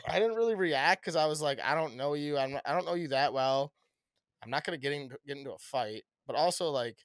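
A young man tells a story on a casual podcast. He is animated and swears freely, with a mid-pitched voice. The sound is dry and close to the mic. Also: clear, resonant tone, no room sound. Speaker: podcast co-host. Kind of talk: casual chat.

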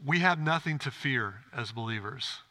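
A man's voice: mid-range voice, lively intonation, normal speed, sharp tone. A man pastor preaching a sermon in a church, earnest and direct, often asking the congregation questions.

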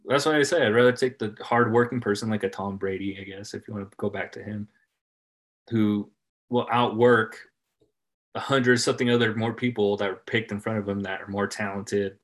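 A man in casual conversation, laid-back, swearing freely and trailing off softly at the ends of his phrases. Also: fairly low pitch, steady tone, fairly quick. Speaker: podcast guest. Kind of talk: casual chat.

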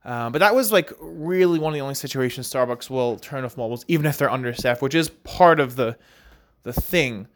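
A man's voice: medium pitch, fairly quick. A man working as a barista, talking in a casual, rambling and digressive monologue.

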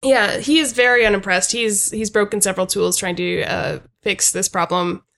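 A woman's voice: mid-range voice, fairly even intonation, normal speed, creaky, fairly bright tone. A young adult woman narrating a comedy tabletop game as game master, hesitant with many ums. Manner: hesitant, lots of ums, laughs easily.

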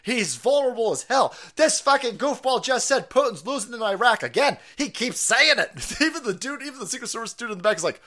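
High-pitched ranting man. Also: expressive, fairly quick, hardly any pauses. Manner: loud, mocking, swings between shouting and low muttering. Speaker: political commentary streamer. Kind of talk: profane ranting livestream commentary.

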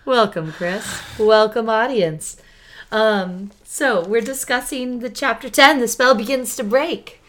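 Slow-talking hoarse woman podcast host. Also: on the high side, fairly bright tone. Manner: playful, chatty, with frequent fillers. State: hoarse from a cold. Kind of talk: casual chat.

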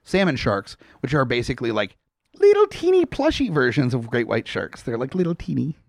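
Male podcast co-host, animated intonation, teasing comic banter, dry close-mic sound. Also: medium pitch, fairly quick, vocal fry, no echo. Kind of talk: casual comedic chat.

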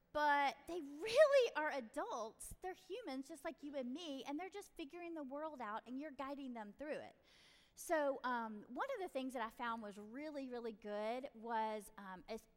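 A middle-aged woman giving parenting advice in a chatty, animated storytelling way. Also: high voice. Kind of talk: casual advice talk. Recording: reverberant room.

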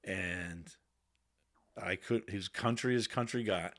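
A man's voice: deep voice, measured pace, a bit bright. A man, a podcast guest and Navy veteran, telling stories in casual, candid talk with plenty of swearing. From Boston area. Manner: candid, swears freely, quotes himself in raised voice. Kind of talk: casual storytelling. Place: podcast studio.

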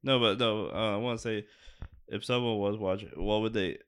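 A man's voice: lowish voice, fairly even intonation, moderate pace, smooth. A man co-hosting a casual podcast, stubborn and teasing in the back-and-forth. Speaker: podcast co-host. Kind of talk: casual chat.

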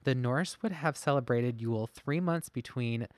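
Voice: mid-range voice, moderate pace, few pauses, dry recording. A podcast co-host reading research notes from a phone, with self-deprecating, chatty asides. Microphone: podcast mic, masked.

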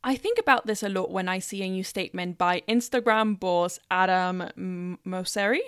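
A woman's voice: mid-range voice, moderate pace, fairly bright tone, clear, resonant tone, no echo, studio quality. A woman vlogger giving blunt, opinionated commentary.

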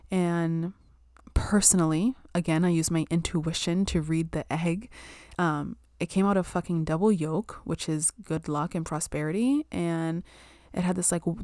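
A young woman talks in a loose, rambling way, peppering her speech with "like", "um" and the odd swear word. Her voice sits a little low for a woman. It is recorded close and dry, with no room sound. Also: darkish tone, dry recording. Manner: chatty, full of "like" and "um", swears casually. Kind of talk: casual spiritual self-care chat.

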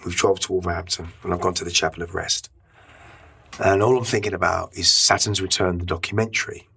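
A man's voice: deep voice, steady tone, a little fast, gravelly, pushed and bright, slightly rough. A middle-aged man, a podcast guest, telling an emotional story in a rambling way, with many restarts and casual swearing. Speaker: interview guest.

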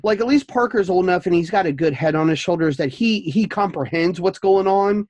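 A man co-hosting a casual podcast, chatting as a father of young kids and telling stories in an animated way. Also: sits high, brisk, no room sound. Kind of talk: casual chat.

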